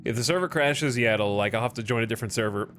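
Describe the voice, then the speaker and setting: A man giving live gameplay commentary to his chat, clearing his throat often after choking. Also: medium pitch, brisk, fairly bright tone, slight background noise. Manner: talks to chat while playing, with frequent throat clearing. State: choking and coughing. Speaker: streamer.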